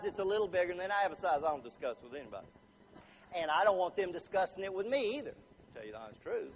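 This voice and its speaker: Male motivational speaker with a high voice, joking and polling a live room, dull recording with faint hiss. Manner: chatty, quizzes the crowd with show-of-hands questions. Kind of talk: humorous live talk to an audience.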